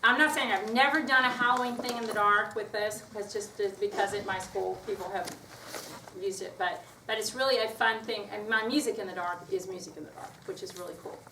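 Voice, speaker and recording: A woman's voice: mid-range voice, fairly even intonation, brisk, far from the mic, background noise. Woman teacher calling commands in an echoey room. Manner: calls out rhythmic commands, then explains chattily. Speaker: music teacher leading a workshop. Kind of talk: hands-on teaching demonstration. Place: workshop room with an audience.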